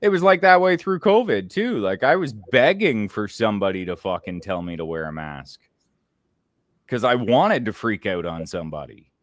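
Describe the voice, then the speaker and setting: A man's voice: lowish voice, sing-song, normal speed, dry recording, clean studio sound. A man in casual podcast chat, sarcastic and profane, grumbling about people.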